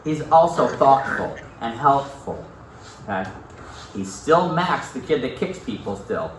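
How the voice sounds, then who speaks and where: A male teacher reading a novel aloud to his class, animated, repeating key points and putting questions to the students. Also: mid-range voice, a little slow. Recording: echoey classroom, mic far off, faint noise.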